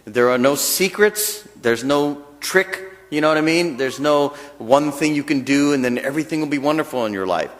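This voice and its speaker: A man's voice: on the high side, normal speed, hardly any pauses. A man giving a chatty, joking dharma talk as a temple minister. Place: temple hall. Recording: long reverb of a temple hall.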